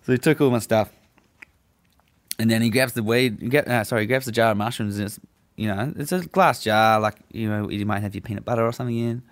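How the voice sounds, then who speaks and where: A man's voice: lowish voice, fast talker. A young man telling a story in casual chat, laid-back, swearing freely and laughing as he goes.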